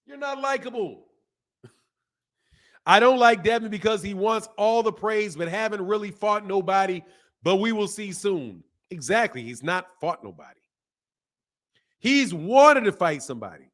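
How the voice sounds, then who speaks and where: A man hosting a boxing live stream, reading viewer comments and ranting in animated, slangy talk. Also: high-pitched, moderate pace. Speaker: boxing channel host.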